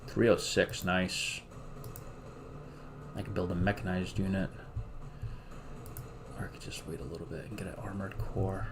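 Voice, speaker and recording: A man's voice: deep voice, level tone, moderate pace, pauses often, noisy background. A man giving casual commentary while playing a strategy game, thinking aloud and muttering to himself.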